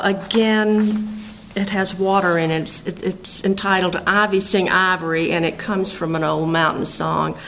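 A woman poet reading her own poems aloud in a measured recitation, with hesitant, chatty asides between the pieces. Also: mid-range voice, slight background noise, poor audio. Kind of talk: poetry reading.

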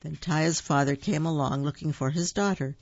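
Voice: medium pitch, moderate pace, a little mellow, dry recording. A storyteller reading a children's picture book aloud, with playful asides, in a dull lo-fi recording.

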